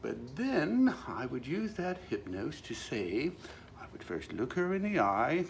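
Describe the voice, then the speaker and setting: A man's voice: mid-range voice, big pitch swings, a little slow, creaky, a little hiss or hum. A man hosting his own show, telling a comic monologue in a wry, mock-solemn way with playful asides. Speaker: show host.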